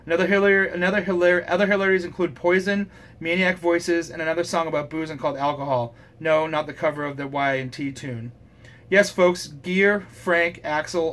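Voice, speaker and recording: A man's voice: on the high side, steady tone, brisk, fairly bright tone. A man hosting a casual record review show, talking in a loose, rambling way and swearing casually. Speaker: host.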